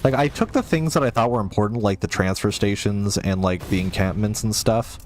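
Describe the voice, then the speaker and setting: A man's voice: lowish voice, fairly quick, soft background music. A man streaming a game live and reading chat, flustered, self-mocking and rambling.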